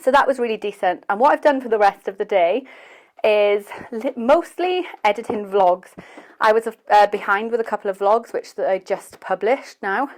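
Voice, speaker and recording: A woman's voice: medium pitch, animated, moderate pace, darkish tone. A young woman talking casually to camera in a vlog, chatty and rambling with a self-deprecating manner. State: out of breath after cardio. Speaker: vlogger.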